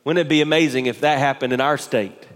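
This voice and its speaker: A man's voice: mid-range voice, steady tone, fast talker. A male pastor preaching a sermon to his congregation, building intensity with rhetorical questions. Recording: long hall reverb.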